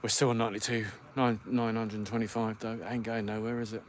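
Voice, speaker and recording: A podcast host runs a casual solo livestream from home, rambling and thinking aloud with lots of ums to fill the gaps. His voice sits on the low side and moves briskly, with a faint hiss underneath.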